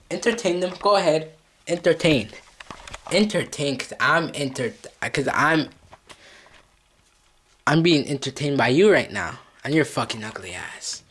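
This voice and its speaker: A man's voice: on the high side, fairly bright tone, slight background noise. A male vlogger in a comedic scolding skit, swearing heavily and repeating mock threats and taunts.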